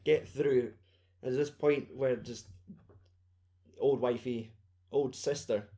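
A man's voice: medium pitch, fairly even intonation, takes it slowly, mellow. A Scottish man in casual chat, swearing and animatedly retelling scenes.

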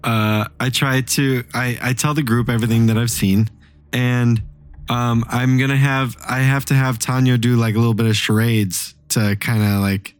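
Halting man playing a tabletop game. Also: medium pitch, steady tone. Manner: halting, restarting. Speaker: player. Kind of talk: casual tabletop play.

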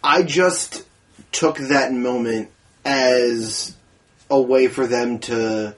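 A man co-hosting a casual movie podcast, blunt and profane, telling stories with animated energy. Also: mid-range voice, slow pace. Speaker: podcast co-host. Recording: a bit distant from the mic, faint noise.

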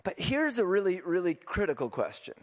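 A pastor with a high voice preaches a sermon a little quickly, his pitch swinging widely and a long reverb tail trailing each phrase. He keeps it casual, regularly checking in with the congregation by putting questions to them.

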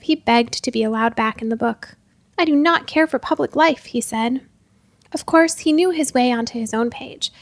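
A woman narrating a classic children's fairy tale in a gentle, measured storytelling manner. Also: high voice, dry recording.

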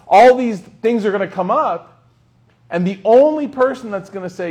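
A man's voice: high voice, very animated, fast talker, a little mellow, husky. A young man giving a casual, joking lecture on Islamic teachings to a class, asking the students questions.

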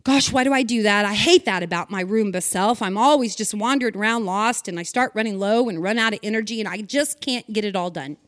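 A woman voicing a fretful female robot vacuum that rattles off complaints about itself in a rapid, whiny rush. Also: mid-range voice, a bit bright, dry recording, studio quality, close to an everyday voice. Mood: self-pitying. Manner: rapid, whiny self-pity.

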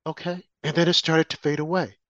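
A man's voice: on the high side, flat delivery, a little fast, fairly bright tone, no echo. A man delivering an opinionated commentary monologue, emphatic and repetitive, with mocking asides. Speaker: political commentator. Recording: dry, slightly muffled lo-fi audio.

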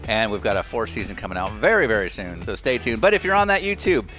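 A man's voice: lowish voice, very animated, fast talker, sharp tone, faint music behind. A man hosting a podcast, joking loosely through chat and a sponsor read. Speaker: podcast host.

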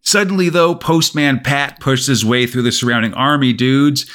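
A man co-hosting a podcast, casually retelling a comic's plot with lively storytelling and lots of "sort of" hedges. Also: mid-range voice, normal speed. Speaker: podcast co-host. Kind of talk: casual chat recapping a comic.

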